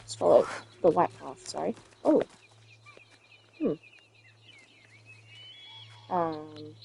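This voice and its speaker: A woman's voice: low-pitched, animated, drawn-out words, creaky, warm tone, slight background noise. Chatty South Australian woman gaming. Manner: chatty, rambling, answers live chat. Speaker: let's play streamer. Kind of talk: casual gaming chat with viewers.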